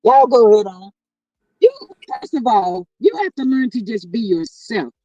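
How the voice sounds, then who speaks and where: A woman's voice: on the high side, expressive, moderate pace, mellow, no echo, lo-fi sound. A woman hosts a casual livestream chat over a video call. She reads viewer comments aloud and agrees with them emphatically. The sound is dry and close, with no room around her. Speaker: host.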